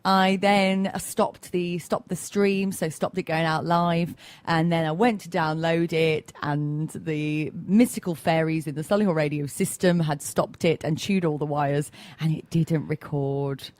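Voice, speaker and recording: A woman's voice: sits low, steady tone, measured pace, few pauses, a little mellow, no echo. A woman hosting a radio breakfast show in upbeat, casual chat. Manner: chatty, upbeat, with fillers. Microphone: studio microphone.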